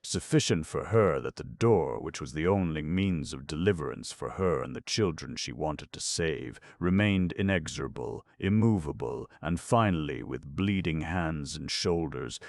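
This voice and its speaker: Deep gravelly narrator, solemn slow read, close dry studio mic, suits a classic novel. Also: male voice, no echo. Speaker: audiobook narrator. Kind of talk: scripted narration.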